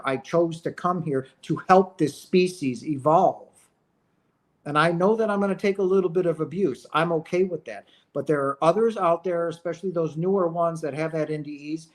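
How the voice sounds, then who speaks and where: A man hosting his own channel, speaking in an emotional, impassioned monologue to his viewers, repeating phrases as he rants. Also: fairly high pitch. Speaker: channel host.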